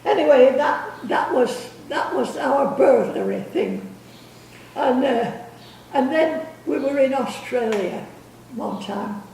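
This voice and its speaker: A woman's voice: sits high, lively intonation, slow, gravelly, darkish tone, slight background noise. An older woman telling rambling family stories, repeating words and laughing as she goes. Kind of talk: casual storytelling. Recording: echoey room, distant mic.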